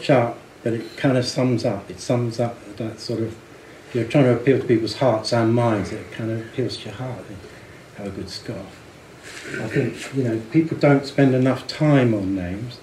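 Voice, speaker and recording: A man's voice: mid-range voice, a little mellow, a little hiss or hum. Man, presentation, chatty, amused, repeats words, roomy echo. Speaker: speaker on branding and packaging. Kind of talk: presentation to an audience.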